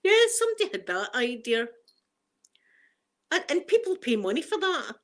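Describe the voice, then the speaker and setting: A woman's voice: fairly high pitch, big pitch swings, normal speed, a bit bright. A middle-aged woman with a Scottish accent chatting casually on a live stream, reading the chat and laughing often. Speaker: ASMR streamer.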